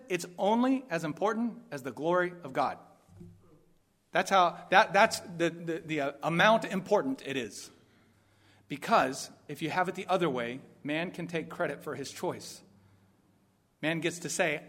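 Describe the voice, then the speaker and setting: A man preaching a sermon, emphatic, moving between quiet asides and loud outbursts. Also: on the high side, animated, normal speed. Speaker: pastor.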